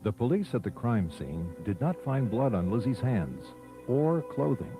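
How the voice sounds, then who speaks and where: A man giving measured, scripted documentary narration. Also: medium pitch, big pitch swings, rough recording. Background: soft music bed.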